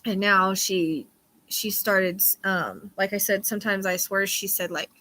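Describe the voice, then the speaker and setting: Bright sounding woman chatting to her stream, cusses casually, rambles on. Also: mid-range voice, unhurried. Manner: chatty, swears casually, reads chat. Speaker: livestream host. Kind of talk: casual livestream chat.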